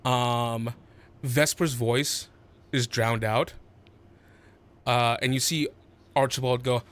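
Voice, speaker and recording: A man's voice: medium pitch, fairly even intonation, takes it slowly, long pauses, a bit bright. A man narrating as game master of a tabletop game, hesitant, with many fillers and restarts.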